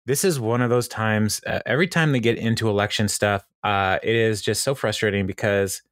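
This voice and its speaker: A man's voice: on the low side, brisk, fairly bright tone, dry recording, clean studio sound. A man co-hosting a podcast, chatting casually with easy laughs and hesitant fillers. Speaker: podcast co-host. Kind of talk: casual chat.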